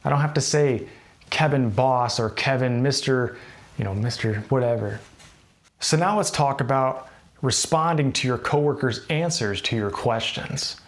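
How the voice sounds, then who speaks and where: A man's voice: mid-range voice, measured pace. A man with an American accent teaching workplace English, explaining casually and acting out example phrases. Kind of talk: instructional explanation to camera.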